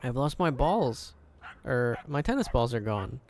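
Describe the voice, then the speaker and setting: A man reading game dialogue aloud, voicing an excitable, childlike talking dog in a bubbly, pleading way. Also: medium pitch, a little slow, slight background noise. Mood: eager.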